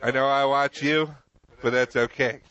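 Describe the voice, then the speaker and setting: A man's voice: medium pitch, steady tone, normal speed, a bit bright, smooth, highs cut off, natural voice. Casting: a man playing a sly, teasing pet cat, podcast comedy bit, everyday voice. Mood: smug. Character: smug mischievous house cat, male.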